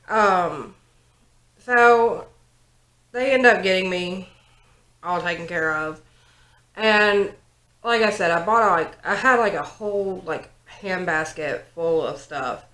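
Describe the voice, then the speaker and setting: A woman's voice: lowish voice, slow, long pauses, fairly bright tone. A young woman telling a story in a casual get-ready-with-me chat while doing her makeup, with lots of likes and ums. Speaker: vlogger, 911 operator. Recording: roomy home recording.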